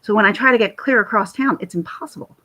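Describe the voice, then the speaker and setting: A woman's voice: medium pitch, fast, bright, forceful tone, poor audio. A woman, rambling chattily to her chat while hosting a casual livestream. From central New Jersey. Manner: rambling and chatty, jumps between stories. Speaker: livestream host.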